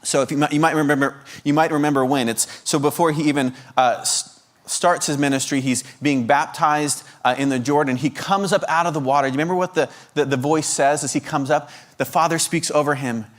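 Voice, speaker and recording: A man's voice: on the high side, steady tone, a little fast. A man preaching a sermon as a guest preacher, firing off repeated rhetorical questions and stumbling over restarts as he presses his point. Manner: restarts and stammered repetitions when pressing a point.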